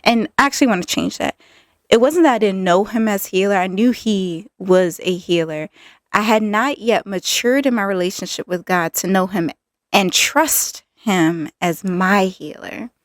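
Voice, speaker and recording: A woman hosting her own podcast, telling a personal story candidly with many fillers and lively acted-out quotes. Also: mid-range voice, moderate pace, dry recording, clean studio sound. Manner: candid, filler-heavy, animated retelling. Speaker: podcast host.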